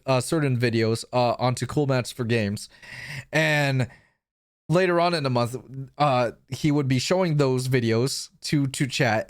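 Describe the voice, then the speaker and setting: A man's voice: mid-range voice, dry recording, studio quality. A young man streaming live, rambling through a profane, self-mocking story and losing his train of thought.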